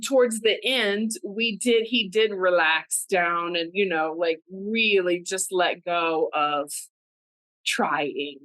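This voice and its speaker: Woman co-host, lively storyteller, casual, laughs easily, dry room. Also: on the low side, slow pace, dry recording, rough recording. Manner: animated, laughing, many "like" fillers. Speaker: podcast co-host. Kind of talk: casual chat, personal storytelling.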